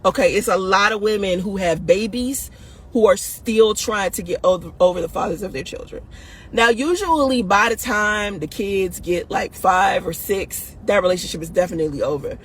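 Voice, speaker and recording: A woman's voice: mid-range voice, moderate pace, husky. A woman hosting a video, giving dating advice in blunt, profane casual talk, laughing often and tossing "listen" and "right?" at her audience.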